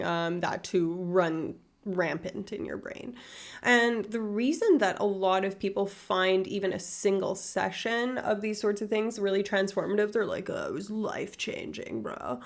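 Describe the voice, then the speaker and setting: A woman live-streaming, talking casually about neuroscience with lots of ums and some swearing. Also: medium pitch. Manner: chatty and swears freely, with frequent ums.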